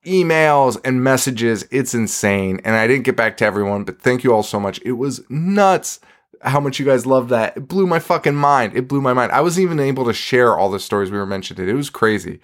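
A podcast co-host in his thirties chats casually, animated, swearing and laughing a lot. His voice is mid-range and a little fast.

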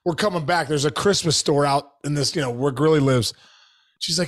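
A man's voice: on the high side, fast talker. A man co-hosting a sports talk show, telling rambling home stories in casual banter and calling his partner dude. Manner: rambling storyteller, says dude a lot. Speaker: co-host.

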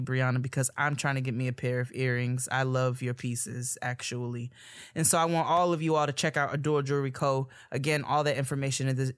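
A woman's voice: low-pitched, no echo, studio quality. A woman co-hosting a podcast, chatting casually with a laugh, swearing freely and reading a listener's letter aloud. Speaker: podcast co-host.

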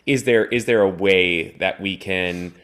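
A low-pitched man co-hosts a casual podcast. He speaks reflectively, turning his thoughts into a string of questions. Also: measured pace, a bit bright, smooth. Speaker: podcast co-host.

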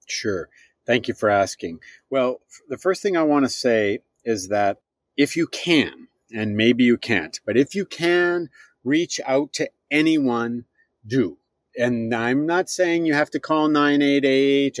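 Earnest man giving gentle advice. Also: medium pitch, measured pace, no room sound. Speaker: guest, philosophy professor. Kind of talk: conversational interview answer.

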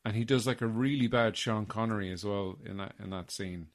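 A man's voice: on the low side, a little fast. A man co-hosting a podcast, giving blunt, casually profane opinions about films. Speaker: podcast co-host. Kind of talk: casual film chat.

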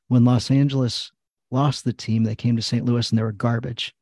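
A man's voice: mid-range voice, level tone, moderate pace, darkish tone, dry recording. A man in casual podcast conversation, telling stories and acting out his own prayers and dialogue.

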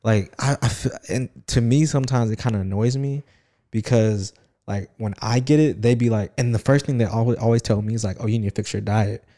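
A young man in casual chat, telling stories in an animated, slangy way with lots of "like". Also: medium pitch, fairly quick.

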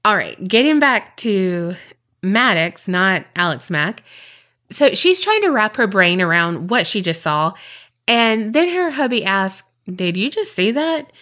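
A woman's voice: mid-range voice, sing-song, a bit bright. Chatty woman telling a spooky story. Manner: chatty, profane, drops into quick voices for people in the story. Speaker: podcast co-host telling a paranormal story. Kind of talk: casual storytelling chat.

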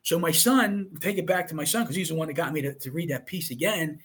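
A middle-aged man talks quickly as an interview guest, sharing an emotional personal story in earnest and quoting others' words along the way. His voice is on the high side, a bit bright and slightly rough.

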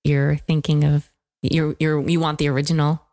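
A woman co-hosting a podcast, giggling often and talking at an unhurried pace in casual chat. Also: deep voice, flat delivery, warm tone. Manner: giggly, unhurried, reads out sponsor thanks. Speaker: podcast co-host.

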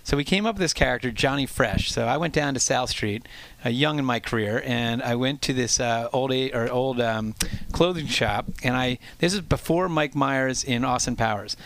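A middle-aged man telling an animated, self-mocking story in casual conversation, often restarting his sentences. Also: mid-range voice, normal speed, no room sound. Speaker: former ballpark entertainer.

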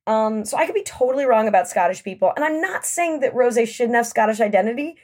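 A woman's voice: fairly high pitch, lively intonation, fast, a little mellow. A woman chatting as a podcast guest, talking in a hedging, rambling way with many fillers. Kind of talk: casual chat.

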